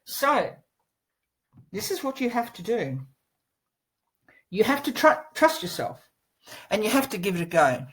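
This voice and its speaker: Lively woman telling a story, then coaching. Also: mid-range voice, unhurried, long pauses, rough recording. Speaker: course presenter. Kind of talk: storytelling lesson to camera. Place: indoors, seated at a laptop. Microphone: laptop microphone.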